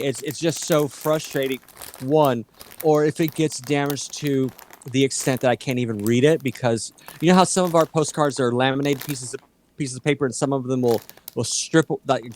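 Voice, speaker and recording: A man in his fifties co-hosting a casual chat, talking in a rambling, halting way. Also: mid-range voice, fairly even intonation, a little hiss or hum. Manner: rambling, halting, many fillers and restarts. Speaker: co-host.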